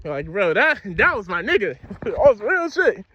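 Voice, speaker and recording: Animated young man with a high voice. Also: measured pace, dull audio. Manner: animated, slangy, profane storytelling. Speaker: vlogger telling a story. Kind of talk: casual storytime monologue.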